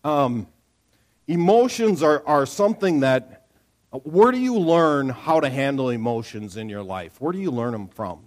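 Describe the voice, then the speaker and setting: Animated man giving a conversational sermon. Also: medium pitch, a little slow. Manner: animated storyteller, acts out quotes, frequent "right?"; lively conversational sermon delivery. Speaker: pastor.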